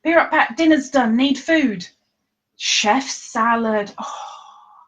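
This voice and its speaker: A woman with a slightly high voice chats unhurriedly through a casual live stream, reading viewers' comments aloud as she goes. She laughs often and keeps a relaxed, easygoing flow. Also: slow pace, muffled recording. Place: living room at home.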